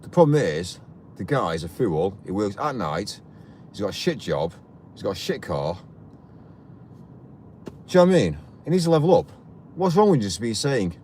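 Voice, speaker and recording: A man's voice: medium pitch, sing-song, moderate pace, a little mellow, a little hiss or hum. A man hosting a live stream from a vehicle, ranting heatedly and repeating himself. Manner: heated, indignant, repetitive ranting.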